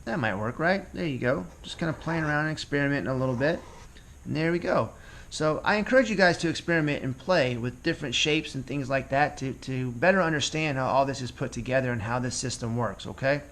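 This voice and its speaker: Speaking a little fast in a medium-pitched voice, a cartooning instructor leads a casual drawing tutorial, chatting easily and thinking out loud while he sketches.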